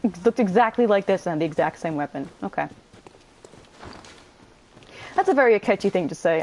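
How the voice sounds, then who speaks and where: A woman talks through a video game in a relaxed, chatty way, breaking off to curse at enemies. Her voice sits a little on the low side. A faint hiss of background noise runs under the recording. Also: brisk, long pauses. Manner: chatty, swears freely, laughs often, jumps between the story and the gameplay. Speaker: gamer playing on video. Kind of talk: casual let's-play commentary.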